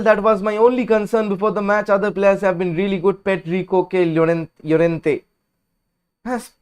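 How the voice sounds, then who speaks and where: A high-pitched man talks through a football match on his live stream. His casual commentary is chatty and opinionated, jumping from lively calls of the action to quiet, drowsy asides. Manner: chatty and opinionated, drifting between lively calls and low mumbles. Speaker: host of a live watch-along stream.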